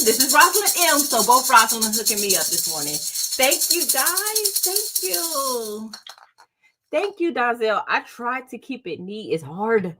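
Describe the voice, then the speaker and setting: A woman's voice: a little high, big pitch swings, unhurried, sharp tone, slightly rough. A woman hosting a casual crafting livestream, bubbly and chatty, laughing often and talking straight to her viewers. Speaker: crafting channel host.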